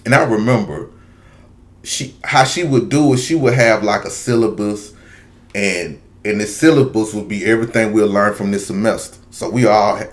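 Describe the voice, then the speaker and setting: A man's voice: lowish voice, normal speed. A man telling a long casual story straight to his viewers, rambling with many asides. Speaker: video commentator.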